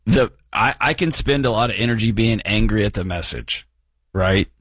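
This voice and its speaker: A man's voice: fairly low pitch, normal speed, a bit bright, slightly rough, no echo. A man co-hosting a call-in radio show, laid-back and plainspoken as he gives advice. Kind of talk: casual call-in radio talk. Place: radio studio.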